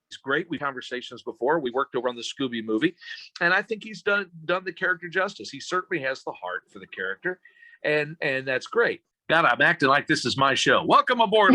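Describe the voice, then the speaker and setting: A middle-aged man, a voice actor, talking on a video call in a rambling, animated, joking way. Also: mid-range voice, brisk, poor audio. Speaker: voice actor guest. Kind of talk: casual panel chat.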